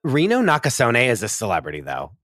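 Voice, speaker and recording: A man's voice: mid-range voice, wildly swooping pitch, fast talker, a bit bright, no room sound, studio quality. A man co-hosting a comedy podcast in casual chat. He rambles, leans on "like" and laughs often. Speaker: podcast co-host.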